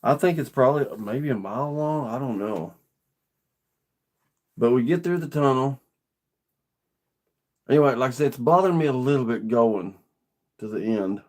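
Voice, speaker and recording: A man's voice: mid-range voice, animated, moderate pace, long pauses, a little mellow. A middle-aged man, telling a personal story to camera in an earnest, rambling, plainspoken way. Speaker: vlogger.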